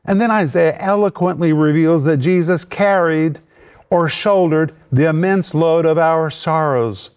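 A man teaching a sermon, explaining words with measured, emphatic delivery. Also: a little high, darkish tone, smooth. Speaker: Bible teacher.

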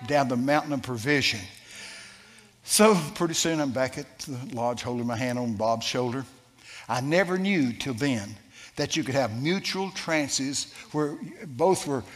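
A man telling a story in a sermon, animated and shouting out the quoted lines. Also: a little high. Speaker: preacher. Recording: long hall reverb.

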